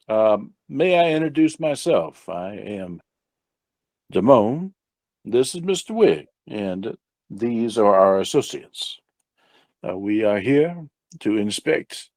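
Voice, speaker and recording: A man as a charming negotiator, all smiles and earnestness, who speaks in formal, courteous phrases with a lively, rising and falling pitch. The sound is dry and close. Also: no echo, exaggerated voice. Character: smooth-talking male negotiator, polite and earnest.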